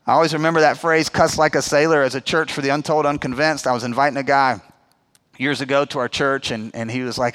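A man's voice: medium pitch, steady tone, fast talker, fairly bright tone. A man in his forties, a pastor preaching a sermon in a conversational, emphatic way, acting out quotes as he goes.

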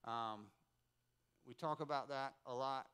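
Preaching at a church service in a rented building, a North Carolina pastor in his forties tells animated stories sprinkled with playful asides. He speaks a little slowly, with a smooth, medium-pitched voice.

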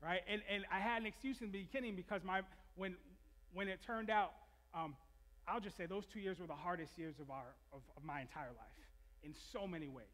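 A man's voice: high voice, brisk, a bit bright, long reverb tail. A male pastor preaching a sermon, telling a personal story in a confessional way with many restarts. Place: church hall.

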